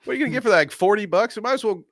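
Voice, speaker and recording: Sarcastic podcast co-host, male, animated delivery, slightly high voice. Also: very fast, no echo, clean studio sound. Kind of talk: casual chat.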